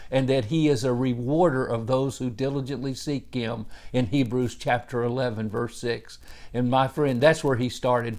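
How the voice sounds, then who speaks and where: A man's voice: mid-range voice, darkish tone. A male pastor giving a devotional Bible teaching, earnest in tone, with rising emphasis on key words and frequent "uh" fillers.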